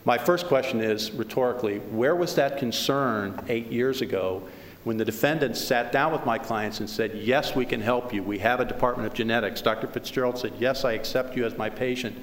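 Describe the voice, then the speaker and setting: A man's voice: mid-range voice, a little fast. A male attorney making an emphatic oral argument in court, hammering rhetorical questions and tripping over restarts. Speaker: attorney for the plaintiffs. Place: large courtroom. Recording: reverberant courtroom recording with faint noise.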